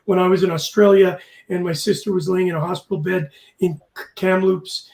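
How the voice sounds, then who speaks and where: A man with a fairly high voice hosts a casual live talk show, telling heartfelt stories that leave him emotional. His voice rings in an echoey room. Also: steady tone, a little fast, vocal fry, a little mellow. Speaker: host. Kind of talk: casual chat.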